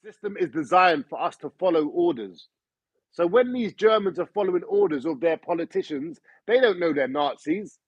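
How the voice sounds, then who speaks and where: Husky high-voiced man ranting. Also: animated, normal speed, dry recording. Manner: ranting, profane, full of rhetorical questions. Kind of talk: opinionated monologue. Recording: dull lo-fi recording.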